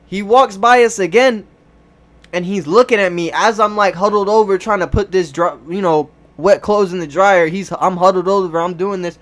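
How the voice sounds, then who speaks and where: A man's voice: sits high, normal speed, fairly bright tone. A young man telling a casual storytime, loose and slangy with lots of cursing and fillers. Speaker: vlogger.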